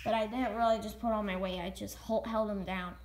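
With a darkish, mid-range voice and fairly even intonation, the girl chats in her casual pet vlog. She wanders and stalls, restarting her thoughts often.

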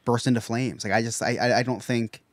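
A man in a casual podcast chat, teasing the others with halting, stop-start sentences and frequent laughter. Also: mid-range voice, fairly even intonation, no echo, studio quality.

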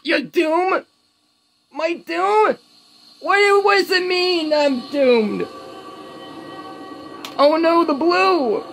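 A man voicing a young male fox sidekick who is easily frightened, screaming in high-pitched panic. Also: drawn-out words, long pauses, bright, forceful tone, full character voice, poor audio. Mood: terrified.

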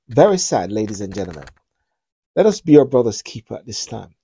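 A man's voice: lowish voice, very animated, fairly quick, dark tone, slight background noise. A middle-aged man hosting a talk show, giving earnest spoken commentary with repeated, preacher-like appeals.

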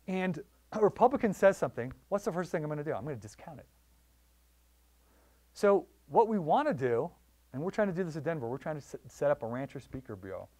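A man giving a public lecture on wildlife conservation in a library, telling stories with lively voiced quotes. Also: a little high, dry recording. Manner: animated storytelling with voiced quotes.

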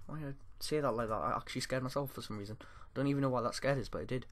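A man's voice: mid-range voice, rapid-fire. Jittery man doing let's-play commentary. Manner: jittery, excitable, talks to himself and his viewers. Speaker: gaming YouTuber.

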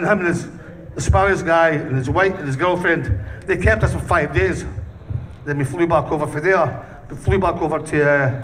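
Swearing Scottish man telling a story. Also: fairly high pitch. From Scotland. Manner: swears constantly, laughs through his anecdote. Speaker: punk band singer being interviewed. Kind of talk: casual storytelling. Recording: distant mic with faint noise.

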